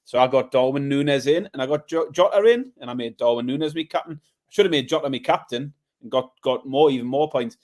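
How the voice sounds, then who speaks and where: A man's voice: mid-range voice, fairly quick, darkish tone. A man co-hosting a podcast, correcting his friend and defending his picks in a dry, matter-of-fact way. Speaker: podcast co-host. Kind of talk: casual chat.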